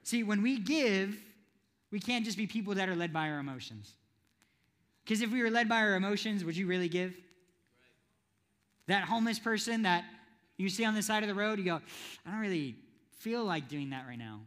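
A man with a notably high voice delivers a youth sermon in a church hall. He keeps it playful, pulling the audience in with questions. A long reverb trails off every phrase. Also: brisk, long pauses, fairly bright tone. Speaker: youth preacher.

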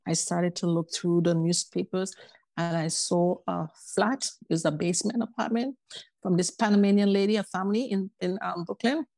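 Guest: woman, low gravelly voice, lively storyteller who mimics others, dry close sound. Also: normal speed, dry recording. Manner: animated, acts out quoted voices. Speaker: podcast guest. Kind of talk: casual personal storytelling.

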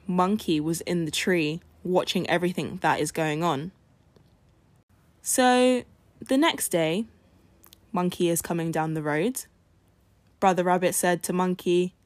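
A woman hosting a podcast, narrating a folk tale in a clear, measured storytelling manner. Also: lowish voice, dry recording. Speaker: podcast host.

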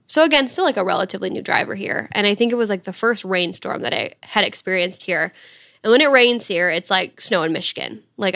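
Bright-voiced young woman chatting. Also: medium pitch, creaky. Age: young adult. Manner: chatty, fast, full of "like". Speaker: storyteller. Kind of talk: casual chat.

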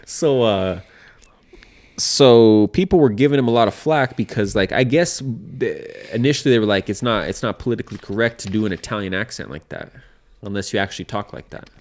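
A man's voice: fairly low pitch, brisk, a little mellow. A man co-hosting a podcast in casual chat, swearing freely and rambling with many fillers. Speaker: podcast co-host.

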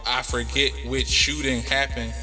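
A man's voice: mid-range voice, little pitch movement, measured pace, bright, forceful tone, in a large hall, soft background music. A man hosting a podcast, telling a story in a casual, rambling way with plenty of fillers. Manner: laid-back, rambling with many fillers. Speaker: podcast host.

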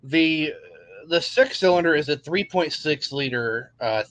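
A man with a slight lisp chats casually about cars on a podcast. His voice sits a touch higher than most men's. He jokes and laughs easily as he talks. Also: expressive, measured pace, a bit bright. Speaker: podcast host. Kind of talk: casual chat.

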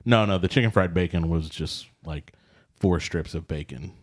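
A man's voice: low-pitched, moderate pace. A man, rambling laid-back in casual podcast chat and laughing often. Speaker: podcast co-host.

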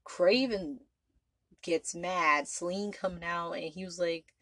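Slow-talking, rambling woman podcaster. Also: lowish voice, steady tone, fairly bright tone, no echo, poor audio. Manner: rambling, profane, full of "you know" and "like". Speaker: podcast host. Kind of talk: casual movie recap.

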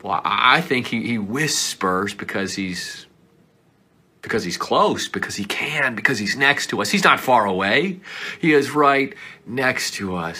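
A male pastor preaching a sermon earnestly, swinging between loud pleading passages and hushed whispers. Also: medium pitch.

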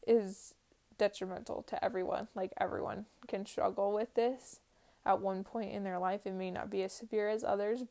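A woman's voice: mid-range voice, vocal fry, mellow. A woman in her early twenties giving an earnest, casual faith-based personal talk, full of "like" fillers. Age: early 20s. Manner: earnest, uses many "like" fillers. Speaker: vlogger.

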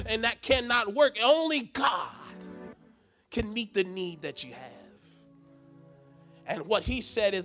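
A male preacher delivering an impassioned sermon in a very high, bright, forceful voice. He swings from ringing shouts down to hushed, quiet lines. Soft music plays faintly behind him. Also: animated, slow, long pauses.

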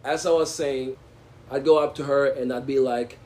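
A man's voice: medium pitch, flat delivery, normal speed, mellow. A young man in a casual chat, hesitant and repeating words as he starts. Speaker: guest. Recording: faint background noise.

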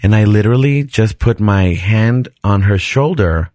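Male podcast host, lowish voice, dry close sound, animated casual storyteller. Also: measured pace, no echo. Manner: animated, chatty, restarts sentences and laughs often.

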